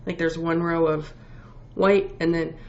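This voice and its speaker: A woman with a lowish, gravelly voice, audibly congested from a head cold, hosts a relaxed knitting show. She wanders through her thoughts with frequent ums and restarts. The recording sounds dull and lo-fi, with a faint hiss underneath. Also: measured pace. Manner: rambling, self-correcting, lots of ums. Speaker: knitting podcast host. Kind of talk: casual show-and-tell chat. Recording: dull lo-fi home recording with faint background noise.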